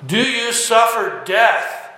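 A man's voice: very high voice, expressive, slow pace, pushed and bright, slight background noise. A man preaching a sermon, pressing listeners with repeated rhetorical questions. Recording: heavy echo, long hall reverb.

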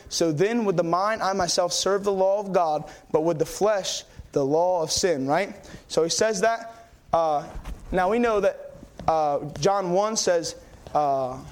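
A young male preacher with a notably high voice delivers a sermon in a church. He tells his stories in an excitable, rambling way, full of fillers and restarts.

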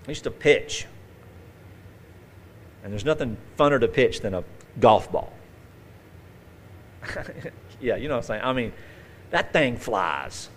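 A man's voice: medium pitch, lively intonation, a little slow, pauses often, fairly bright tone. A male pastor preaching a conversational sermon, telling folksy stories with vivid acted-out asides.

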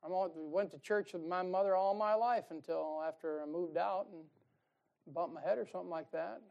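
A man's voice: sits high, fairly even intonation, normal speed, gravelly, highs cut off. A man preaching a fiery sermon from a church pulpit, folksy and emphatic. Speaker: pastor. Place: church sanctuary.

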